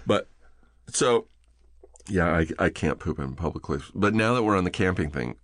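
Deep-voiced man telling a profane story. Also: normal speed, no room sound, studio quality. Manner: animated, profane, laughing storyteller. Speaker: podcast guest. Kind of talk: casual storytelling.

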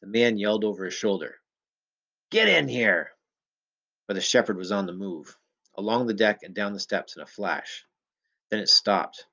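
A man reading a first-person story aloud in a steady, measured storytelling manner. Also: on the low side. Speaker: audiobook narrator. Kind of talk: first-person scripted narration.

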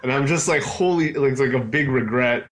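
A man's voice: mid-range voice, fairly even intonation, fairly quick, background noise. A man chatting on a podcast, telling a self-deprecating story and chuckling along. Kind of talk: casual chat.

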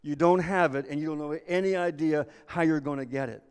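A man's voice: a little high, brisk, clear, resonant tone. A man preaching a sermon as pastor, earnest and repeating himself as he restarts phrases. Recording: long reverb of a large hall.

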